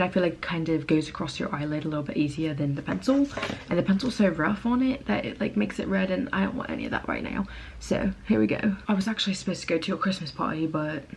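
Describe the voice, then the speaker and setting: A woman's voice: on the low side, slight background noise. A young American woman chatting through a makeup tutorial on her home camera, rambling and laughing at herself, full of "like". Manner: rambling, giggly, self-mocking, lots of "like". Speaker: beauty vlogger. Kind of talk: casual makeup tutorial chat.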